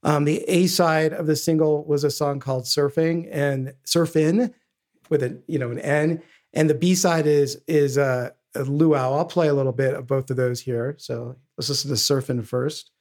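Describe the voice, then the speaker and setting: A man co-hosting a casual music podcast leads the talk through a band's history and introduces the songs. His slightly high, somewhat mellow voice stays steady at normal speed, with hardly any pauses.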